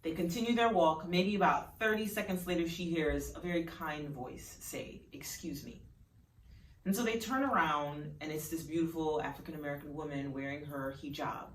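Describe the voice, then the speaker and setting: A woman's voice: sits low, brisk, hardly any pauses, a little hiss or hum. A woman casually narrating her own story in a chatty, rambling way. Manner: chatty, filler-heavy. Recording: roomy, distant mic.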